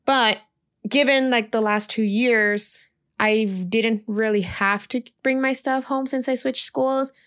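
A woman's voice: a little high, fairly even intonation, takes it slowly, fairly bright tone. Chatty young woman telling a story. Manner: chatty, heavy use of "like", emotional retelling. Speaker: teacher leaving her job. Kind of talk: casual storytelling vlog.

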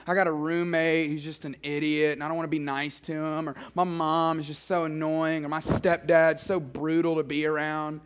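A man's voice: a little high, little pitch movement, moderate pace, few pauses, clean tone. A man preaching an earnest sermon to students, stressing his points through repetition. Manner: earnest and emphatic, with repeated phrases. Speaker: speaker at a student summer gathering.

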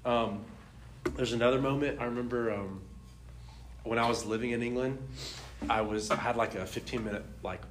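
Animated young man telling a faith story. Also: medium pitch, normal speed, pauses often, background noise. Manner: animated storyteller, laughs often, lots of "like". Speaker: speaker sharing a testimony. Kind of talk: casual testimony talk.

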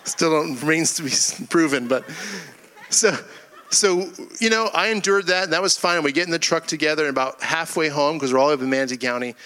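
A middle-aged male pastor from Florida delivering a sermon, telling a humorous personal story in a folksy, animated way. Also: a little high, fairly quick.

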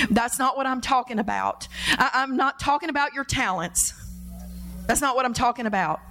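A woman's voice: high voice, lively intonation, normal speed, pushed and bright. A middle-aged woman preaching a sermon, impassioned, acting out pleading prayers and repeating her words. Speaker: preacher, pastor's wife.

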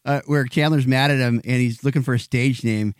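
A man's voice: mid-range voice, fairly even intonation, brisk, smooth, no echo, studio quality. A man co-hosting a podcast in casual chat, easygoing and laughing along. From Midwest US. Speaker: podcast co-host.

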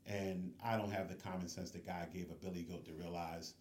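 A man telling a personal story in casual conversation as a podcast guest, animated and acting out the people he quotes. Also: deep voice, fairly quick, roomy sound. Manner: lively storyteller who acts out the voices of people he quotes.

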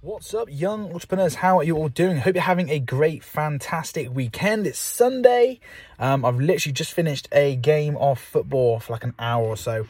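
A man's voice: on the high side, animated, normal speed, darkish tone, husky, dry recording. A young man hosting his own podcast from inside a car, giving a rambling, upbeat pep talk with many fillers, a little out of breath after a game of football. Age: young adult. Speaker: podcast host. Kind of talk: casual solo podcast monologue.

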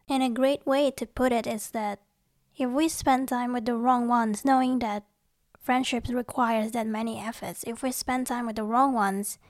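A woman's voice: a little high, a little mellow, dry recording, clean studio sound. Bubbly young woman chatting to viewers. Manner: chatty, giggly, playfully acts out little scenes. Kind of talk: casual personal talk to viewers.

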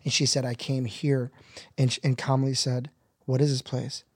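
A middle-aged man talks in an earnest, conversational storytelling voice at a middle pitch. He rises now and then into excited, laughing bursts. The sound is close and dry, with no room around it. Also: normal speed, slightly rough, no echo. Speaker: guest.

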